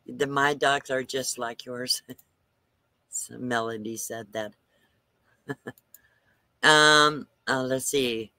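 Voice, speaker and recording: A man's voice: medium pitch, fairly even intonation, slow, pauses often, sharp tone, no room sound. An older man hosting a livestream, telling a rambling story casually and chuckling often between lines. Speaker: livestream host.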